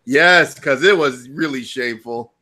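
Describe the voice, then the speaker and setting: A man co-hosting a casual chat show, animated and stumbling over his words as he talks. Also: mid-range voice, a little slow. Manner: animated, stumbling and restarting, swearing freely. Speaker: podcast co-host.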